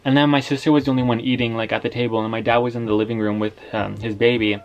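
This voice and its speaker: A man's voice: mid-range voice, little pitch movement, racing, muffled recording. A young man telling a story time in a casual, slangy, rambling way, filling his talk with "like".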